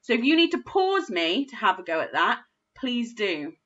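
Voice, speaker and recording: Patient, lively-voiced woman teaching phonics. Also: on the high side, dull audio. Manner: slow, patient, sounding out words. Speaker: primary school teacher. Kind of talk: recorded phonics lesson for young children.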